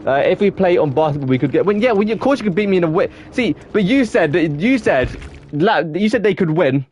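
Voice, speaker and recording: A man's voice: high voice, expressive, fairly quick, darkish tone, slight background noise. A young man with an English accent chatting casually with his viewers while streaming a game, rambling on and restarting his sentences. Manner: rambling, self-admitted waffling with many restarts. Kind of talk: casual gaming stream chat.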